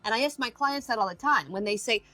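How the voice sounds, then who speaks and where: Bright-voiced woman telling lively stories. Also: fairly high pitch, fast, no echo, faint music behind. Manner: animated storytelling, acts out her own inner voice, swears freely. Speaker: addiction recovery expert and podcast guest. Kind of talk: casual podcast interview.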